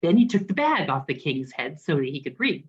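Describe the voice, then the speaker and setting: Woman minister, storytelling sermon, lively pitch, low voice, dull lo-fi recording. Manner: expressive storyteller, dramatic pauses. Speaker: guest minister.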